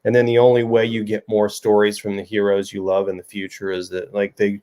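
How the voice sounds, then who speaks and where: A man's voice: lowish voice, completely flat delivery, brisk, mellow. A middle-aged man, an author hosting a livestream, chatting loosely and jokingly with viewers and reading their comments. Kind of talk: casual chat.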